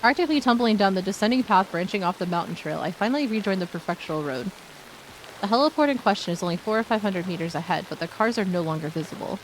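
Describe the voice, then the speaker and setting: A woman's voice: medium pitch, fast, a little hiss or hum. Woman streamer reading a story aloud. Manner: steady narration broken by candid asides.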